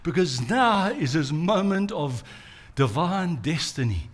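Guy preaching, acts out the story lines, kinda high voice. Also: big pitch swings, slow pace. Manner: dramatic storytelling, acts out quotes. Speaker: pastor. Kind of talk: sermon.

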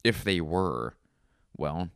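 Deep gravelly-voiced man rambling crudely. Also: animated, takes it slowly, no room sound, studio quality. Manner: rambling, crude, self-mocking riffing. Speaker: podcast host. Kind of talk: solo comedic podcast monologue.

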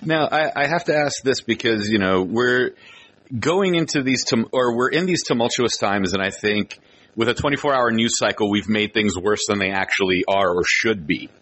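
A man's voice: lowish voice, moderate pace, a bit bright, no echo. A man hosting an interview, asking long, thoughtful questions. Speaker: interview host. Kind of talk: casual interview chat.

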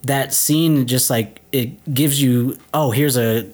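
A man's voice: medium pitch, takes it slowly, darkish tone. A man co-hosting a casual film podcast, joking and rambling as he retells a scene. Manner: joking, laughs often; loose, rambling with fillers. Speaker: podcast co-host. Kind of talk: casual chat.

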